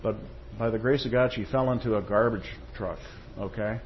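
A man's voice: lowish voice, normal speed. A man delivers a sermon in a storytelling way, moving between quotations and anecdotes. He checks in with his listeners as he goes. The recording sounds a bit dull, with a faint hum of noise underneath. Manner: storytelling, frequent "okay?" and "Amen?" check-ins. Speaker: preacher.

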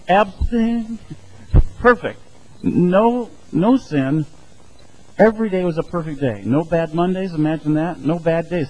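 Conversational preaching man, fairly high voice. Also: darkish tone, poor audio. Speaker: pastor. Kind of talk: sermon.

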